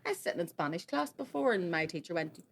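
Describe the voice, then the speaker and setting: A woman co-hosting a podcast, joking quick-wittedly in casual chat. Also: lowish voice, sing-song, creaky. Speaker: podcast co-host.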